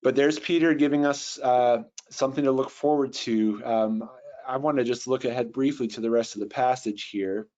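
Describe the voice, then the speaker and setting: A man teaching Bible translation in a webinar, thinking aloud with fillers and restarts, and reading Greek words slowly. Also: medium pitch, a little mellow. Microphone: computer mic on a video call. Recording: dull lo-fi webinar audio.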